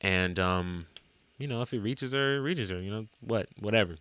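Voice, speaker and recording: Low-voiced man rambling casually. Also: normal speed, smooth, dry recording. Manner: rambling, many fillers, lively swings up in pitch. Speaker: musician and TikTok creator. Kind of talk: casual talk to camera about his music.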